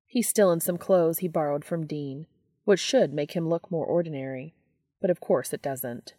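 Woman narrator, audiobook fan fiction, steady reading, deep voice, dry sound. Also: moderate pace, no room sound. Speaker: podfic reader.

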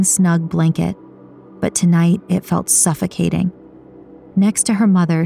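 Low-voiced woman narrating a novel. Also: creaky, a little hiss or hum. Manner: steady storytelling. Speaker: audiobook narrator. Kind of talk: scripted narration.

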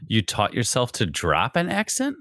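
Lively self-mocking Midwestern man, dry sound. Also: medium pitch, vocal fry, dry recording. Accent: Upper Midwest American. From Wisconsin, USA. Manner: self-deprecating, rambling, quick to laugh. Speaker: podcast host. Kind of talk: casual interview chat over video call. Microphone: video call.

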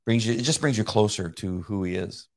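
A middle-aged man chatting casually about faith, rambling with many halting restarts and frequent laughs. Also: on the low side, vocal fry, darkish tone. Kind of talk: casual conversation.

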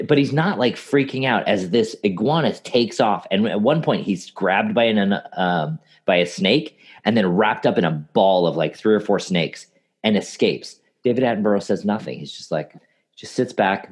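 A man in casual podcast conversation who tells animated anecdotes and gives advice to clients. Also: fairly low pitch, moderate pace.

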